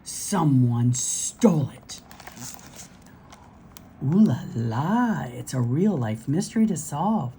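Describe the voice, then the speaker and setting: A woman reading the lines of a fancy, dramatic young girl detective with theatrical, drawn-out exclamations. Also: rumbling low, lively intonation, mellow, slight background noise, exaggerated voice. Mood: playful dramatic.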